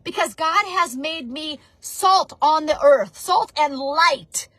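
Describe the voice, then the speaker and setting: A woman's voice: sits high, slow, a bit bright, dry recording, studio quality. A woman in her forties giving a fervent, preachy motivational talk about network marketing. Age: 40s. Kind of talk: motivational monologue.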